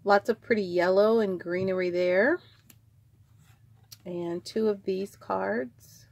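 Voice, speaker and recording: A middle-aged woman in casual show-and-tell chat, rambling warmly and drifting into tangents. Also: mid-range voice, slow, creaky, no room sound, dull audio. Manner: chatty, rambling, trails off into tangents. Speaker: vlogger selling vintage craft supplies.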